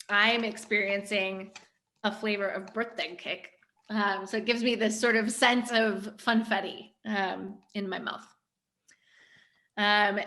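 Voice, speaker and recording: Bright-voiced woman guiding a ritual. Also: mid-range voice. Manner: gently guiding, playful. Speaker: workshop host. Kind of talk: guided mindful-eating ritual.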